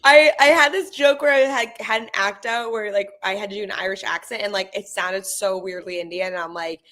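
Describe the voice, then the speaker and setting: A woman's voice: medium pitch, fairly quick, fairly bright tone. A young woman guesting on a podcast, joking and rambling with lots of fillers. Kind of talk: casual chat.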